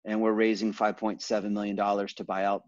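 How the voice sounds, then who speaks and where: A man being interviewed, telling stories in a relaxed way and acting out the exchanges he quotes. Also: fairly low pitch, fast talker, no room sound, dull audio. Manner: animated, acts out quoted exchanges. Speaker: multifamily investor guest. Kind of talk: conversational interview storytelling.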